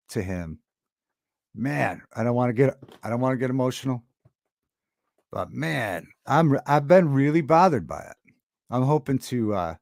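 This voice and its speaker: A man chats loosely on his own livestream. He starts sentences over and drifts between topics. His voice sits at a middle pitch and sounds close and dry, with no room around it. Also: no room sound. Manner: rambling, halting, with many restarts and chat shout-outs. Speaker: livestream host. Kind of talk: casual livestream chat with viewers.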